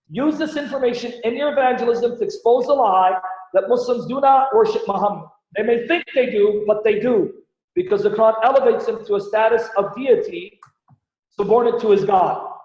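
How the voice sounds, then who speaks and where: On his livestream, a Christian apologist whose voice sits high and a little mellow reads scripture aloud and teaches on Bible-Quran debate. He animatedly challenges the audience with rhetorical questions, and the stream audio is dull, lo-fi and echoey.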